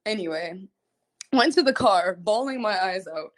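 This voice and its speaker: A young adult woman talks to her fans on a livestream in a loose, animated storytelling style. She leans on "like" constantly and breaks into laughter between phrases. Her voice sits at an ordinary middle pitch. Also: measured pace. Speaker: singer chatting with fans.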